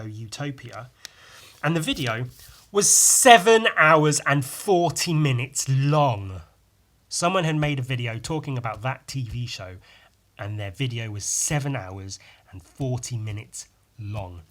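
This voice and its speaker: A man's voice: mid-range voice, a bit bright. A man hosting a casual solo podcast, rambling and self-mocking, with some swearing. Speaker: podcast host.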